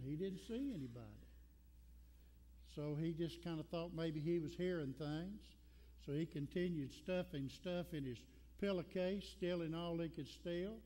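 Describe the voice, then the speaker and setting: High-voiced Southern preacher in a reverberant church. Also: male voice, warm tone. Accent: Southern American. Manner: folksy storytelling preacher, repeats for emphasis. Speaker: pastor. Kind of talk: sermon. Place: church sanctuary.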